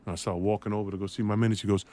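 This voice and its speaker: Racing through an animated interview story, a former basketball player with a fairly low male voice laughs frequently and acts out everyone's voices.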